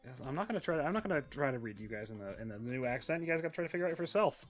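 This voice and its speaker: A man hosting a casual comedy chat and running a word game, animated and excitable. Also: medium pitch, racing, faint music behind.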